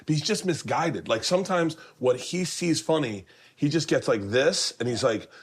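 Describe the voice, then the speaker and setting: Swearing and constantly starting over, a middle-aged man hosting a podcast spins lively, rowdy stories over dinner. He talks at a normal speed in a fairly high, slightly rough voice.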